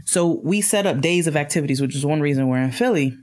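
A young adult woman co-hosting a casual podcast chat, telling stories in an animated way. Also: low voice, fast talker. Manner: animated storytelling with laughs. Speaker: podcast co-host.

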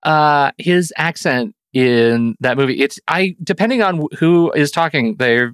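A man hosting a casual movie podcast, animated and quick to laugh, often restarting his sentences. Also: fairly high pitch, smooth, no room sound, studio quality. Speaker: podcast host.

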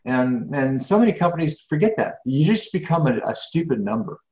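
With a medium-pitched voice and a fairly quick delivery, a middle-aged man gives relaxed interview answers as a guest business speaker. He rambles earnestly, repeats words, and gets fired up when ranting about annoyances, all captured in dull, roomy lo-fi audio from an open space.

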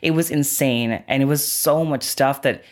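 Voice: mid-range voice, normal speed. Blunt drag queen guest. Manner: candid, blunt, swears freely when telling stories. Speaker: drag queen and former contestant, podcast guest. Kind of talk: casual podcast chat.

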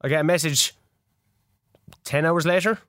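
A man's voice: a little high, fairly even intonation, moderate pace, a bit bright, dry recording, clean studio sound. Sweary man telling a story. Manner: storytelling, sweary, laughs often. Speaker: podcast co-host. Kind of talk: casual chat.

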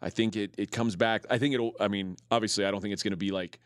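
A man's voice: on the low side, steady tone, fast, clear, resonant tone, no echo, clean studio sound. A man co-hosting a sports betting show, chatting casually and often stumbling over and repeating his words.

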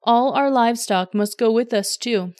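A woman's voice: fairly high pitch, normal speed, a little mellow, no room sound, studio quality, lightly acted. A woman reading the lines of Moses, a resolute male prophet and leader, in a plain read-aloud delivery. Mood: firm.

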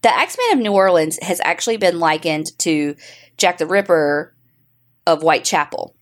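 A woman's voice: fairly low pitch, expressive, normal speed. A middle-aged woman co-hosting a podcast in casual chat, swearing freely and laughing often. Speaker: podcast co-host.

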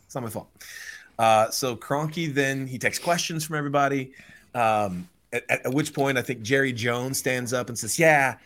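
A man's voice: mid-range voice, moderate pace. A man hosting a sports talk show, energetically recapping a story and slipping into impressions. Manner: energetic retelling, slips into voices.

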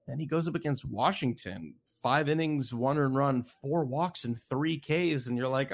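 A man hosting a casual podcast, lively and animated, acting out both sides of imagined conversations. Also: medium pitch, normal speed, hardly any pauses. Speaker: podcast host. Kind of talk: casual podcast chat about pitching stats.

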